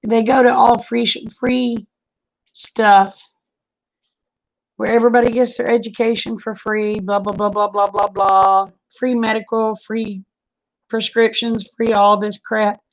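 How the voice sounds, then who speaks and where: A woman's voice: a little high, flat delivery, a little slow, rough recording. A woman chatting casually on a live stream, folksy and drawling, greeting viewers by name.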